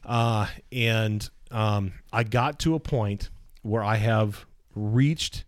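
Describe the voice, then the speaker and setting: A man who works as a radio personality, telling stories in casual conversation in an animated way, swearing now and then and acting out the people he quotes. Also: fairly low pitch, very slow, no echo.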